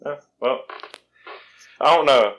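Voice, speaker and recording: A man's voice: mid-range voice, slow, fairly bright tone, poor audio. A man in his twenties with a Southern American accent, from Virginia, hosting a casual podcast chat in a rambling, self-deprecating way. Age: 20s. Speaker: podcast host.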